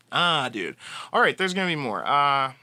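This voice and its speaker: A man's voice: a little high, sharp tone, no echo. A man giving a casual fan monologue, passionate and rambling, with frequent restarts. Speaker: fan commentator.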